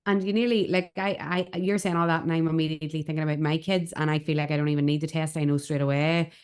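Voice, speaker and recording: A woman hosting a podcast, agreeing warmly and chatting about family. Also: deep voice, fairly even intonation, fast, smooth. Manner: enthusiastic, agreeing, chatty with fillers like "like". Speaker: podcast host. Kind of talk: casual interview chat.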